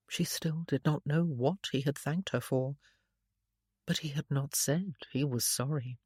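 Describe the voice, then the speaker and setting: Woman narrating a gentle period romance. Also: low voice, husky, no echo, clean studio sound. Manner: gentle, measured storytelling; soft voices for the father. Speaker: audiobook narrator. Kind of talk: scripted narration.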